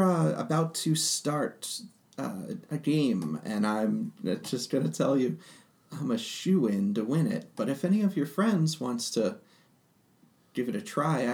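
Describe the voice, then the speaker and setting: A man's voice: mid-range voice, darkish tone, pitched above the performer's own voice. A man voicing a cheerful, boastful female cat-folk game organizer in a tabletop game. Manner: cocky, talks up her own chances.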